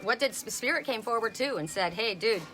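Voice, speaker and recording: A woman's voice: a little high, lively intonation, a little fast, pushed and bright, faint music behind. A woman reading oracle cards on a casual live stream outdoors, talking bluntly and swearing freely. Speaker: oracle card reader.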